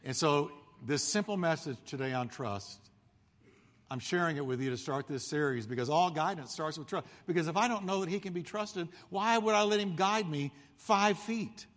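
A male pastor preaches in a lively storytelling style, jumping into the voices of the people in his story. His voice sits a bit high for a man. The sound rings with the long reverb of a big hall. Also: normal speed. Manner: animated storytelling, acting out crowd voices. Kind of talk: sermon.

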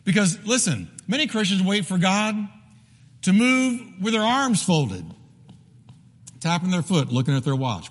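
A man preaching a sermon as pastor, emphatic and repetitive, with sudden drops to a hushed voice. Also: high-pitched, big pitch swings, a little slow. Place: church sanctuary. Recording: long reverb of a large hall.

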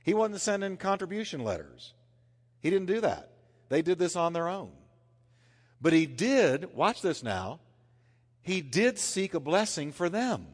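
Animated preacher in a reverberant hall. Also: male voice, sits high, measured pace. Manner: animated, swings between loud emphasis and hushed intensity. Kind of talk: sermon.

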